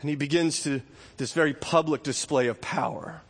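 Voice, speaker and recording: A man giving an earnest sermon as a pastor, his voice dropping low and soft and then rising high and loud. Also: normal speed. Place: church sanctuary. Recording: long hall reverb.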